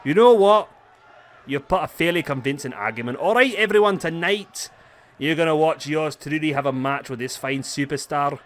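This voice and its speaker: A man's voice: on the high side, moderate pace, natural voice. A man voicing an arrogant male wrestler villain who mocks his rival in pompous, condescending words. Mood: smug. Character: arrogant male wrestler villain, smug self-proclaimed genius.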